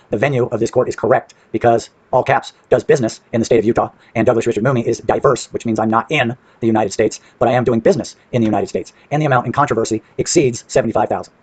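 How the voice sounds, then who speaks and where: A man's voice: medium pitch, a little mellow, husky, no echo. A man with a brash, profane manner, casually walking through paperwork on screen and asking and answering his own questions.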